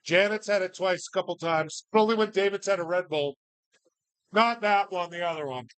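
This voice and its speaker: A man calling bingo numbers, drawing each call out slowly and tossing in quick, playful joking asides. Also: high-pitched, a bit bright. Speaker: bingo caller.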